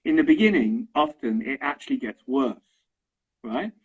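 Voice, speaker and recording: A man's voice: medium pitch, animated, normal speed, slightly rough. A middle-aged man with an Estuary English accent from London, chatting casually as an English teacher and checking in with "right?" and "okay?"; dull lo-fi recording. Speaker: English teacher, interview guest. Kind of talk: casual explanatory chat.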